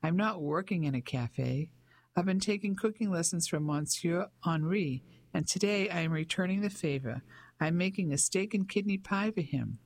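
An audiobook narrator voicing Ellie, a lively, independent middle-aged English woman with a brisk, cheerful manner. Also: medium pitch, dry recording, natural voice.

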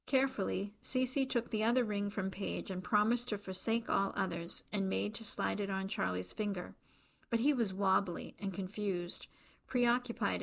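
A woman reading a novel aloud as an audiobook narrator, in even, measured storytelling. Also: medium pitch, vocal fry. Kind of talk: scripted narration.

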